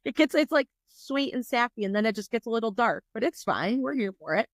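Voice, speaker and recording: A woman hosting a podcast interview, bubbly and talkative with quick asides. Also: on the high side, animated, no echo, clean studio sound. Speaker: podcast host.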